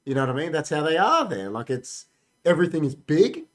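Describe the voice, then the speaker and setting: Fairly quick and a little high, this young Australian's voice swings widely in pitch as he co-hosts a laid-back podcast. He speaks with emphasis, tacking "bro" onto the end of his brags.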